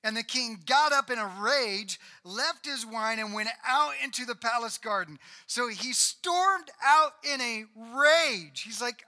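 A man preaching, his voice high for a man and very bright and ringing. He tells the story with energy, acting out the characters as he goes. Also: expressive, moderate pace. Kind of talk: sermon.

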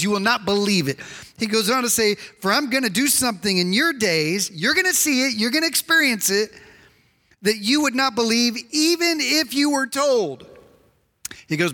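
A man preaching a sermon, animated and acting out the voices he quotes. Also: sits high, moderate pace. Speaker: pastor. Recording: reverberant hall.

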